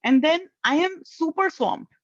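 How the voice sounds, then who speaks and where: A woman's voice: extremely high pitch, lively intonation, measured pace, no room sound. A woman giving earnest career advice to job seekers, often checking in with a questioning "right?" as she makes her points. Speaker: career networking speaker. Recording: dull lo-fi dry sound.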